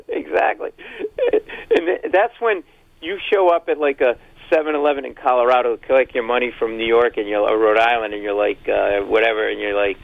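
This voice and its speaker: A man's voice: mid-range voice, fast, vocal fry, no room sound, narrow, tinny audio. A male comedian telling rambling jokes as a guest in a casual radio phone interview. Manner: rambling, joking storyteller, frequent laughs.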